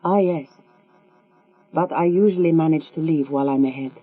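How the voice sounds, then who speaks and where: A woman's voice: deep voice, normal speed, breathy edge, dry recording. A woman reading an audiobook, voicing a seductive Russian femme fatale with a teasing, coolly mocking manner. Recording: tinny, phone-like with mains hum.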